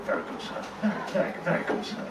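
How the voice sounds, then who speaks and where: A man voicing a dry, put-upon older butler in a deadpan, sarcastic manner, recorded from a distance in an echoey, noisy tent. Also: fast talker, close to an everyday voice.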